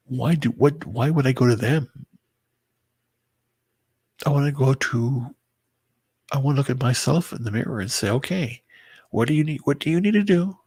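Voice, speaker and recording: Worn-out guy rambling to his viewers, gravelly husky voice, keeps tripping over his words, dry close mic. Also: medium pitch, no echo. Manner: halting, repeats and restarts words. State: very tired. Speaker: vlogger. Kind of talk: rambling personal monologue to camera.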